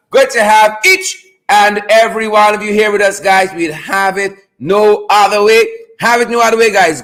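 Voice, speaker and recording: A high, bright-voiced man hosts a live online show. He chants catchphrases, shouts out to viewers and keeps the energy loud and playful. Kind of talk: hyped live stream chat.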